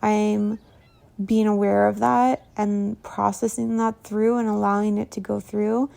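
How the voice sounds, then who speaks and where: A woman talking in a casual diary-style vlog, rambling softly and trailing off with fillers, a little stuffy from allergies. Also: mid-range voice, vocal fry. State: runny nose from allergies. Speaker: meditation vlogger.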